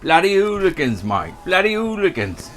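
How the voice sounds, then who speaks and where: A man putting on a short-tempered older pub landlord, barking loud scolds. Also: high voice, sing-song, normal speed, slight background noise, voice pushed up. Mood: grumbling.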